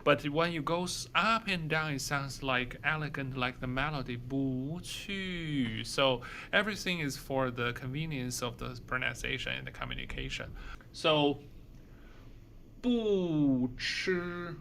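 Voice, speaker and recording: Male teacher, slow, bright, slightly high delivery, drawn-out example words. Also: gravelly, a little hiss or hum. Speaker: Mandarin teacher. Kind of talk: short video language lesson.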